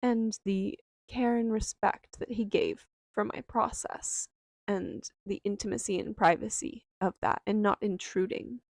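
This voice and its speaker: A young woman slowly and softly telling a personal memoir, reflective and unhurried, with lingering pauses. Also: medium pitch, no echo, studio quality. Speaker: storyteller.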